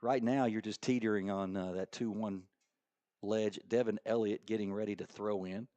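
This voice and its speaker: A middle-aged man doing play-by-play commentary for a school soccer match, joking around and bursting into excited high calls. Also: moderate pace. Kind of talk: local sports commentary.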